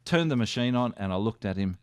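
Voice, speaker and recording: An older Australian man speaks in a low voice, recalling stories as a radio guest. He acts out what others said to him. The studio sound is dry and close. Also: fast talker, clean tone, no echo. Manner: animated anecdotes with quoted dialogue. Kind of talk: casual storytelling.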